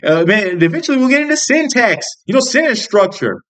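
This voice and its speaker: A young adult male vlogger from the United States rants in a very high, sing-song voice, a bit bright and a little fast. His political commentary is angry and profane, rambling with frustration and marked by many restarts.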